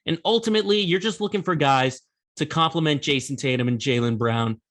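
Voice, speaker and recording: A man with a bright, forceful voice, a little higher than most men's, talking through the week in sports on his own podcast. He speaks in a loose, conversational way and jumps up into emphatic bursts when he makes a point. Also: brisk. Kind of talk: solo sports commentary.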